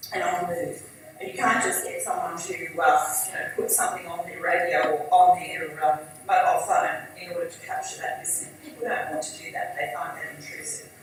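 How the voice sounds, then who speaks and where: A woman giving a conversational conference talk as an industry chief executive; she is losing her voice and keeps clearing her throat. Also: on the low side, very echoey, distant mic, low-quality recording. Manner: conversational, fillers and asides. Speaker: industry body chief executive, guest speaker.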